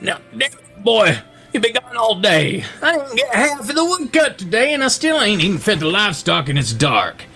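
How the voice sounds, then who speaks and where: A man's voice: high voice, very animated, normal speed, vocal fry, sharp tone, voice pushed up, heavily acted. A weary, plainspoken farmer father in his fifties, grumbling about chores left undone, as a game master puts him on. His voice rises and falls a lot as he talks. Faint music plays behind him.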